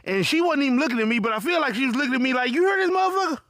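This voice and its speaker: High, bright-voiced man telling a comic story. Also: very fast, dry recording. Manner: animated, profane, punchy asides. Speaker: comedic storyteller. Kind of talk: profane comedic storytelling.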